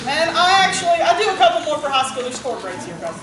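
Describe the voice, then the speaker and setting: A woman who directs a band, announcing student awards at a banquet and calling out names with warm pride. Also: sits high, big pitch swings, quick pace. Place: school gym. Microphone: far from the recording device. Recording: echoey gym taped from far off. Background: crowd murmur and noise.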